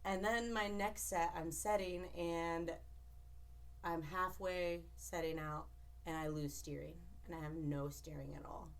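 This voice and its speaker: Guest: a young woman boat captain with a low voice, casual and animated, lots of "like". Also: measured pace, vocal fry. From Alaska. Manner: animated, laughing, lots of "like" and quoted speech. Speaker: commercial fishing captain, podcast guest. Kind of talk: casual storytelling.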